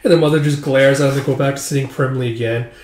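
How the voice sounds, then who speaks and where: A man casually recapping a story, stringing scenes together with "it's like" and quick acted-out quotes. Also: medium pitch, fairly even intonation, darkish tone, slight background noise. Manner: acts out each character with "it's like". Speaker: manga reviewer. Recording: echoey room.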